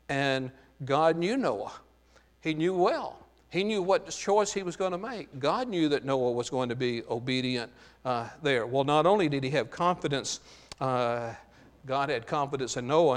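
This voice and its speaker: A man preaching a sermon, teaching from the Bible in a slow, emphatic way with frequent filler sounds. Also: on the high side. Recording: long hall reverb.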